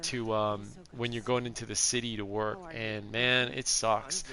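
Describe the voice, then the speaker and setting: A man's voice: fairly low pitch, steady tone, a little slow, sharp tone. A middle-aged man streaming a video game, chatting in a rambling, casual way and laughing often. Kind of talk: casual gameplay chat.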